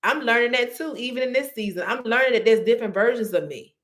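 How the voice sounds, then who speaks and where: Woman host, lively faith pep talk that calls listeners honey and y'all. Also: fairly high pitch, fast talker. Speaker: podcast host.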